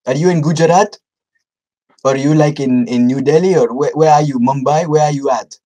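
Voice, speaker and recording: A blunt Nigerian man on the phone, as a man puts him on, pushy and preachy, repeating himself as he lectures. His voice sits a little high for a man. The put-on Nigerian accent carries every word. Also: a little fast, mellow, lightly acted, rough recording. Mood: mocking. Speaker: scambaiter. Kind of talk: prank phone call.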